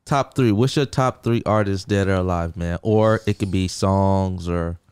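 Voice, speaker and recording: A man's voice: deep voice, measured pace, darkish tone, clear, resonant tone. A man hosting a casual interview chat, laid-back and slangy. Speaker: podcast host.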